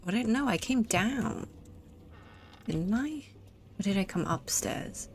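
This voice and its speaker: Woman, gamer, casual commentary, jokey, slow-paced, gravelly. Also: medium pitch, lively intonation. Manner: chatty, jokey, talks to herself. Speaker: let's play gamer.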